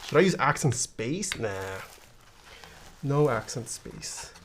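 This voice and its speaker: Slow, easygoing man chatting on stream. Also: mid-range voice, lively intonation, a little hiss or hum. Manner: thinks aloud and reads viewer questions back. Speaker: keyboard builder streaming live. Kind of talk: casual live-stream chat.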